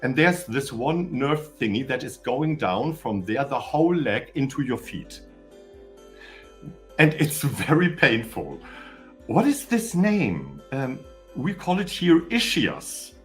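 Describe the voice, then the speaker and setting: A man's voice: medium pitch, very animated, slow, a bit bright, faint music behind. A man with a German accent, hosting a casual live stream for his channel, rambling, stammering and chatting cheekily with his viewers. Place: home in Austria.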